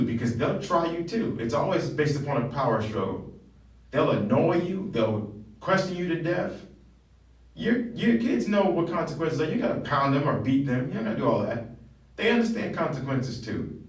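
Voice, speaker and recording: A man's voice: a little high, far from the mic. A man giving a blunt, profane motivational talk as a wellness coach. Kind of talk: motivational monologue. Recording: roomy, from off the mic.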